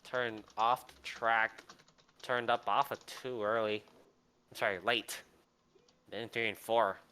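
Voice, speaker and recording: A man calling a sim race with excitable, joking play-by-play commentary. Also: on the low side, slow pace, clean tone.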